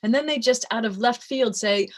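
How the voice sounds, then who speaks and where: Laughing, lively middle-aged actress. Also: female voice, a little high, normal speed. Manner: laughs often, lively self-mocking storytelling. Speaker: voice actress guest. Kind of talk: casual interview chat.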